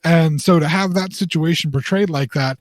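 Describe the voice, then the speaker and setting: A man explains his point on a casual podcast, measured and steady, with fillers as he thinks. His voice is a touch high for a man. He is recorded close up and dry, with no echo. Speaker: podcast co-host.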